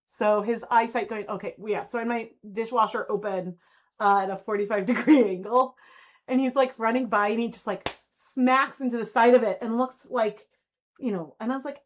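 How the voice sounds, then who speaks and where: Woman rambling on a live craft stream, kinda high voice, giggly, muffled lo-fi sound. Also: fairly even intonation, moderate pace. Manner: chatty, giggly, cooing baby talk to her dog. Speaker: fiber arts channel host. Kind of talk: casual live-stream chat while spinning yarn.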